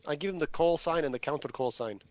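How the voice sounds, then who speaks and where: Guy at a tabletop game, kinda high voice, careful and rules-minded, talks things through. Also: quick pace, dull audio. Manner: earnest, methodical, asks the game master about rules. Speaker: player. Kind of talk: casual tabletop play.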